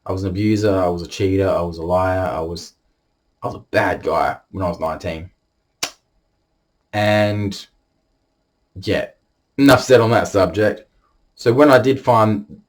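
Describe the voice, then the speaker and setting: A young man telling a personal story to the camera, halting and emotional, holding back tears. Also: deep voice. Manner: halting, emotional, many restarts.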